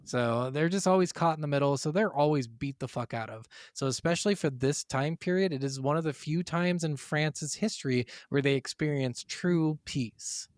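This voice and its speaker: A man's voice: fairly high pitch, moderate pace, hardly any pauses, dry recording, studio quality. A man co-hosting a gaming podcast, reading from notes, then riffing casually with swearing and stumbling over foreign names. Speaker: podcast co-host.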